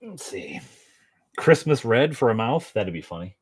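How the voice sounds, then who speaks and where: A man hosts a laid-back home painting session for his miniature-painting channel, chatting unhurriedly in a medium-pitched voice with big pitch swings and a breathy edge. His talk rambles, self-mocking and dotted with jokey asides.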